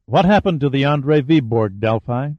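A man voicing a tough male military hero who talks in a dry, sardonic, steady way, on a dry, slightly dull recording. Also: mid-range voice, moderate pace, no room sound, natural voice. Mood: defiant.

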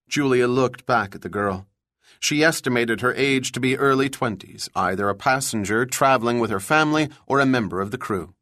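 A man narrating a thriller audiobook in an even, measured storytelling voice. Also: medium pitch, no echo, clean studio sound. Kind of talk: scripted narration.

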